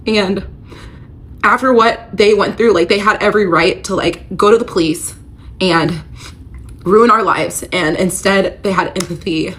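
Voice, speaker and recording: Telling a confessional vlog story about her marriage, a woman is emotional and open, using "like" often and tearing up at moments. She speaks at an unhurried pace, her medium-pitched voice fairly bright.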